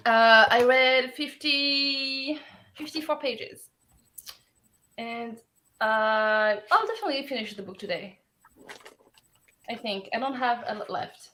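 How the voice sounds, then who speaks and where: A woman chatting casually on a livestream, soft-spoken and hesitant. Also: a little high, slow pace, pauses often. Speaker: livestream guest. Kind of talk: casual chat.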